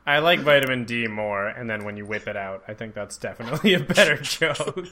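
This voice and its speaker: A young man co-hosting a casual podcast, wry and teasing, quick to laugh. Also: medium pitch, expressive, sharp tone, slight background noise. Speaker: podcast co-host. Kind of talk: casual comedic podcast chat.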